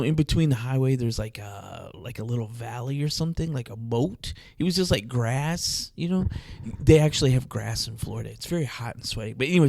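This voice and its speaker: Animated joking man, dry close sound. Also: no echo. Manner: animated, jokey storytelling with quick swings in pitch and loudness. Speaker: podcast host. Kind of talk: casual comedic chat.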